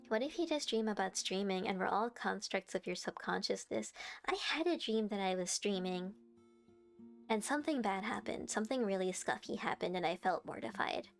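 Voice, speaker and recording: A woman's voice: mid-range voice, expressive, moderate pace, creaky, faint music behind. A young woman streaming live, chatting casually and giggling as she answers her chat.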